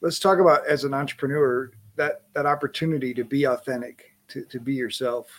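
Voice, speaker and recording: A man's voice: medium pitch, steady tone, fairly quick. Thoughtful male podcast host. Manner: thoughtful, stacks up repeated phrases. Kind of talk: interview question.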